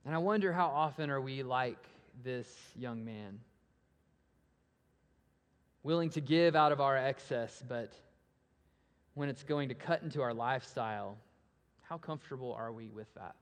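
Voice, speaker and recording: A man preaching a sermon, asking rhetorical questions that swell and then drop to a hush, and animated when he acts out story voices. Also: mid-range voice, unhurried, pauses often. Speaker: pastor. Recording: long reverb of a large hall.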